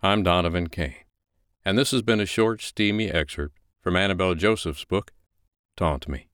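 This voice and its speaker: A man hosting and narrating, reading a fiction excerpt aloud in a slow, measured first-person delivery. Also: low-pitched, a bit bright, smooth, no echo, clean studio sound. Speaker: narrator and host.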